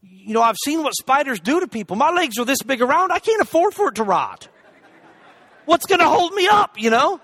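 A man preaching a humorous sermon, telling a story in an animated, jokey way with loud shouted asides. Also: very high voice, fairly quick.

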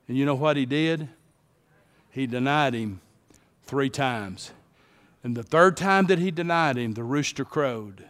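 A man preaching a sermon as a pastor, dropping to hushed lines and then rising to emphatic calls to the congregation. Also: mid-range voice, measured pace. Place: church sanctuary. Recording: long hall reverb.

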